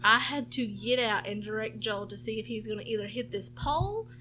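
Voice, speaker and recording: Kobieta po trzydziestce z południowym akcentem USA, gawędząca w podcaście, barwnie i z przekleństwami odgrywająca kwestie bliskich. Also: female voice, on the high side, brisk, slight background noise. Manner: animated, swears freely, acts out family members' lines. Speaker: podcast co-host. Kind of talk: casual storytelling chat.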